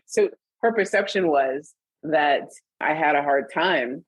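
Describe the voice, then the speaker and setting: A middle-aged woman speaks as an interview guest with a slightly husky voice. She reflects on her experiences in an open, candid way and grows animated when she retells conversations. The sound is close and dry. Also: low-pitched, a little slow, no echo, dull audio. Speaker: interview guest, magazine editor.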